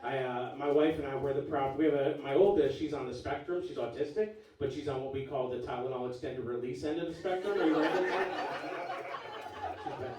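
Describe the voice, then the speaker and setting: A man's voice: mid-range voice, fairly quick, darkish tone, a faint crowd, a little hiss or hum. A man in his forties doing a live stand-up set, punchy, wry and profane. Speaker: stand-up comedian. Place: live comedy club stage. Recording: echoey room from far off. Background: audience laughing.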